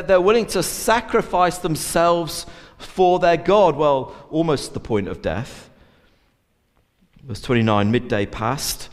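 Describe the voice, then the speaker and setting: A man preaching a sermon in an earnest way, with many fillers and restarts. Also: mid-range voice. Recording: long church reverb.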